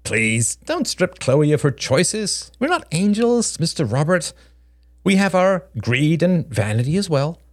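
Brief: male reader playing a sharp, candid young woman, quick and wry, lively lilt. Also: on the high side, no room sound, studio quality, pitched above the performer's own voice. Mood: lecturing. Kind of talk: audiobook character voice.

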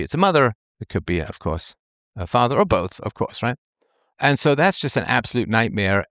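A man's voice: medium pitch, no echo, studio quality. A man delivering an opinion monologue as a commentator, rambling and emphatic, often repeating himself and brushing details aside. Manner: dismissive asides.

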